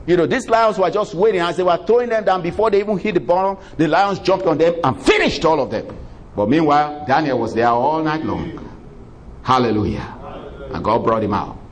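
A male preacher telling a story in a sermon, animated and conversational, laughing often and breaking into exclamations of praise. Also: on the high side, a little fast. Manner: conversational, many fillers.

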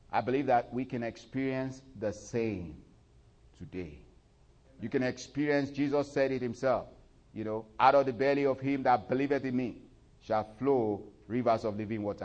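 A male preacher delivering a sermon, leading the congregation in recitation and prayer, his voice rising loud and high on scripture and falling low and quiet in between. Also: lo-fi sound. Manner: swells loud and high when reciting scripture, drops low and soft in asides; leads congregation in call-and-response and prayer.

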